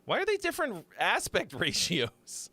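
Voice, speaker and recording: A man's voice: sits high, huge pitch swings, moderate pace, sharp tone, husky, dry recording. A young man hosting a live music-critique stream, chatting loosely, rambling and swearing freely. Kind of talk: casual live-stream chat.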